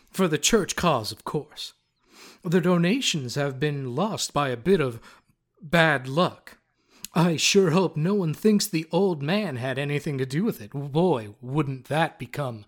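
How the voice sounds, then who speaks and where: A man voicing a scheming male bard who reads his own gloating diary entries. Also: a little high. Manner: sly, gloating, self-satisfied.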